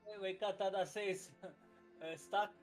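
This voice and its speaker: A man jokes and giggles with his teammates on game voice chat. His voice sits on the higher side, and faint music plays underneath. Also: measured pace. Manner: giggly, joking. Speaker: raid member. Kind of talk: casual voice chat while gaming.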